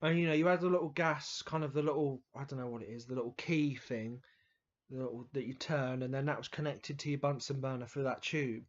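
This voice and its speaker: A man's voice: medium pitch, steady tone, brisk, dull audio. A man telling childhood stories to camera in a casual, rambling way, with frequent restarts, fillers and the odd swear word. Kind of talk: casual storytelling monologue.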